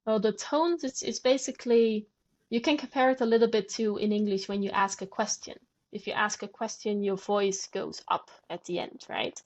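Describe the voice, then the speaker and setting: A woman explains things patiently and steadily, pausing now and then to demonstrate sounds aloud. Her voice sits at an ordinary pitch for a woman. The podcast audio is slightly dull and muffled. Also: fairly even intonation. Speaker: guest language enthusiast. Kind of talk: conversational explanation.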